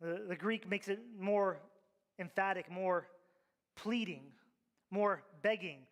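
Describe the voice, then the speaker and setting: A male pastor with a high-sitting voice preaches a sermon slowly, leaving long pauses between emphatic, rhythmic repeated refrains. He's in a church sanctuary, and the recording carries the long reverb of a large hall.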